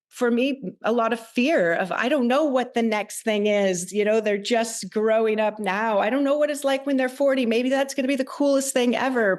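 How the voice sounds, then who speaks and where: Middle-aged woman guest, candid and reflective, halting delivery. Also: mid-range voice. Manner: emotional, reflective, halting with restarts. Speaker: podcast guest. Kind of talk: candid personal conversation.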